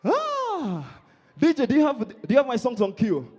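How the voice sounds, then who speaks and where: A young Nigerian comedian with a Nigerian accent works a live crowd, bantering and poking fun at people. His high voice swoops up and down constantly. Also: expressive, fast talker, dark tone. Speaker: stand-up comedian.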